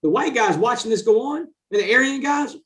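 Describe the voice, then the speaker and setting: A man's voice: very high voice, expressive, fairly quick, a bit bright. A man, a podcast guest telling a story casually and animatedly, saying "man" in nearly every sentence. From Southeast Texas, USA. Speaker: podcast guest, author and speaker.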